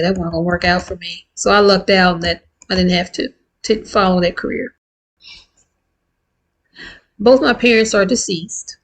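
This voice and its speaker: A woman in her fifties talking candidly and warmly to her viewers in a casual, heartfelt vlog. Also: mid-range voice, poor audio. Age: 50s. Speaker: vlogger. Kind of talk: casual chat to camera.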